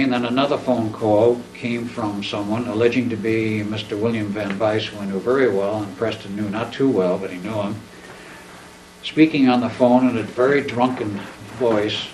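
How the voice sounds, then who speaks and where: A man casually telling a long, rambling personal story in a living-room chat, acting out the dialogue as he goes. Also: lowish voice. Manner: rambling, animated, acts out quoted dialogue. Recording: roomy, distant mic, faint background noise.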